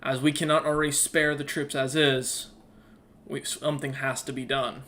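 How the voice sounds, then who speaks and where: A man at a tabletop game with a bright, clear voice. He talks casually and loosely, swears freely and is quick to laugh between his moves. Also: mid-range voice, level tone. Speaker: player.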